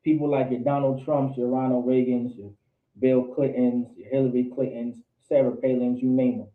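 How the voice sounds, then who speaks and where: A man's voice: mid-range voice, little pitch movement, normal speed. Man teaching a Bible class, tinny echo. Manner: quizzes students, repeats for emphasis. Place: indoor meeting room with a class. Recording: tinny, echoey lo-fi room recording.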